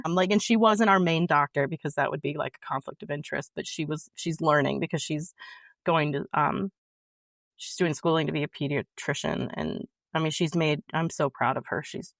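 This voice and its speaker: A woman's voice: low-pitched, gravelly, no echo, clean studio sound. Earnest woman telling her story. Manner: earnest, emotional, halting with restarts. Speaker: podcast guest. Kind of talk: personal storytelling in conversation.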